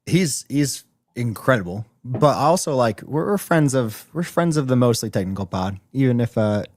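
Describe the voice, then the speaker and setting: A man's voice: medium pitch, expressive, moderate pace, a little mellow, a little hiss or hum. Easygoing male podcast co-host. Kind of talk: casual chat.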